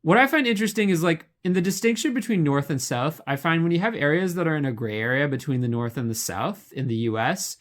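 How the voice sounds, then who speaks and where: A man's voice: a little high, fast talker, hardly any pauses. Rambling young man, casual monologue. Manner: rambling, filler-heavy, lots of "like" and restarts. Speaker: video essayist.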